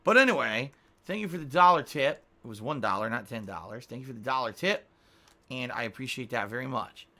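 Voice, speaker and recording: A man with a Connecticut accent thanks viewers on a live stream in a bright, forward voice. He talks casually and playfully and laughs often. Now and then he stretches words out for a joke. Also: medium pitch, lively intonation, fairly quick. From Connecticut, USA. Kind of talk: live-stream chat reading donations.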